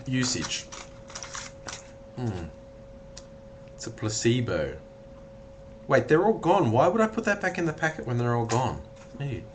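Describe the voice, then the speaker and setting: Animated Australian man chatting on a live stream. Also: on the high side, a little hiss or hum. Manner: joking, swears freely, laughs often, reads chat aloud. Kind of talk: casual live-stream chat. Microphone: computer webcam mic.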